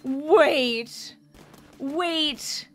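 A woman streaming a video game, chatting excitedly and reacting aloud to her viewers. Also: high voice, drawn-out words. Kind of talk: casual gameplay commentary.

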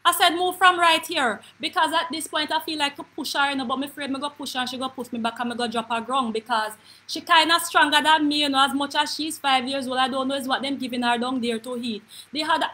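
A woman with a Jamaican accent playing a brash, gossipy auntie, telling stories in a lively comic monologue with quick asides. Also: high-pitched, poor audio. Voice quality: animated patois storytelling, quick asides. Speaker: comedy character host. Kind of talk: live comedic monologue.

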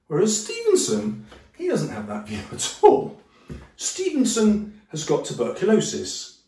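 A male teacher, giving a lively, jokey lesson and acting out quotes in funny voices. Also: fairly high pitch, recorded from a distance. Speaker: English teacher. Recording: echoey room, voice a little off-mic.

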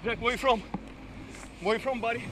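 A man with a very high voice yells taunts mid-chase. He repeats the same name over and over, panting as he runs. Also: steady tone, fairly quick. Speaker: scambaiter confronting a scammer. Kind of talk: shouted taunting during a chase.

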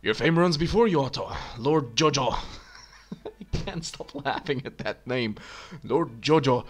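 A boastful, haughty samurai lord from a video game, read aloud by a man. He sounds like an adult man with a mid-pitched voice. His lines are proud and threatening. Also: animated, normal speed, close to an everyday voice.

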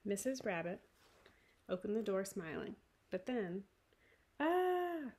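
Woman teacher, storybook read-aloud for kids, gravelly and husky. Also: mid-range voice, a little slow. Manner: clear, warm read-aloud narration for young children. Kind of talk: reading a picture book aloud to children.

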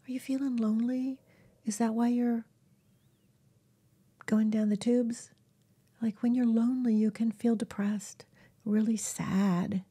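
Gentle female animal healer, somewhat high voice, warm and hushed, casual advice to camera. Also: takes it slowly, long pauses, husky. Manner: gentle, often drops to a soft whisper. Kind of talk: casual self-help talk to camera.

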